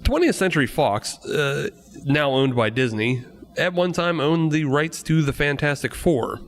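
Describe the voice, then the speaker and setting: A man hosts a casual beer podcast and runs a quiz for his guests. He jokes and laughs often as he chats, and he slows down to read out the questions. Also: a little high, lively intonation. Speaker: podcast host and quizmaster.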